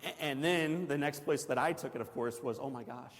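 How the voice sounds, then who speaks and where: A man's voice: fairly high pitch, moderate pace, a little hiss or hum. Man telling his story in a reverberant hall. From Missouri, USA. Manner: dramatic storytelling, swinging from loud excited bursts to hushed near-whispers; asks the audience direct questions. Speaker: Christian guest speaker. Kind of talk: personal testimony speech. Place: large banquet hall. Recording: long hall reverb from a large room.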